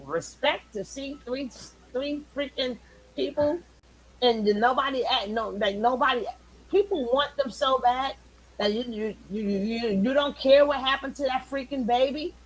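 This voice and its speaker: A woman hosting a reaction channel, ranting in heated commentary, loud and profane and clearly worked up. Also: high voice, unhurried, low-quality recording. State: angry, worked up.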